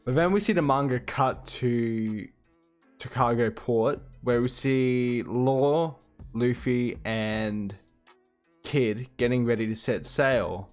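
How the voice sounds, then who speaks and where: A man talks through a manga chapter in an easygoing monologue, his voice sitting at an ordinary middle pitch. He recaps scene by scene with plenty of fillers and quick quotes. Soft music runs faintly underneath. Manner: loose recap with fillers, quoting characters in passing. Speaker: manga reviewer. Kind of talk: casual chapter review monologue.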